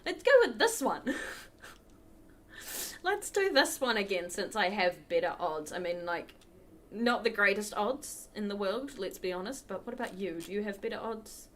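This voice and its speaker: At her computer, a woman plays a game for a charity livestream, chatting with her viewers in a relaxed, chatty way. Her mid-range voice has lively intonation and a fairly bright tone, and she's unhurried. There's a little hiss or hum.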